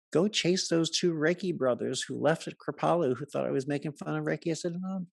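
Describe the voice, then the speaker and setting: Man, gravelly voice, joking storyteller, dry close sound, live talk. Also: on the high side, expressive, normal speed, a little mellow, dry recording. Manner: joking, chatty storyteller who laughs at his own stories. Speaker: speaker presenting to a live audience. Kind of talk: humorous talk with anecdotes and jokes. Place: live event before an audience.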